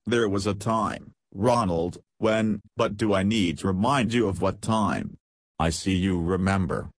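A man reading the lines of a scheming older aristocratic woman in an audiobook, with a mocking drawl and a husky voice. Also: sits low, lively intonation, a little slow, dry recording, studio quality, full character voice.

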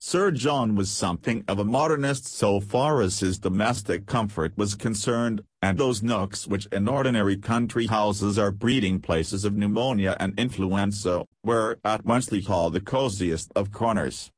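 A man calmly narrating a novel as an audiobook reader, close to the mic. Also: lowish voice, normal speed, few pauses, breathy edge, no room sound.

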